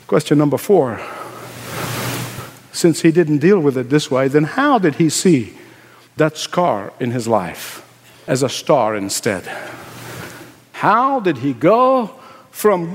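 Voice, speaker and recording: A man with a high voice preaches a sermon, his words ringing with a long reverb through the hall. He repeats his phrases for emphasis and swings between quiet, low asides and loud, pleading cries. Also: sing-song, a little slow, pauses often, slight background noise. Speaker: pastor.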